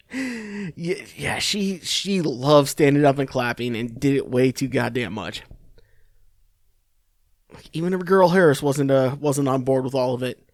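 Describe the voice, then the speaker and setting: A man's voice: medium pitch, darkish tone, dry recording, clean studio sound. Ranting, profane male podcast host. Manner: profane, rambling, sarcastic, full of restarts. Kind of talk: ranting political commentary.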